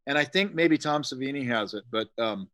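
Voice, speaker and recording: A man's voice: medium pitch, expressive, a little fast, a bit bright, rough recording. Middle-aged guy rambling and joking on a podcast, swears a lot. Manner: rambling, jokey, swears freely. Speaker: guest, special effects artist. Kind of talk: casual podcast interview.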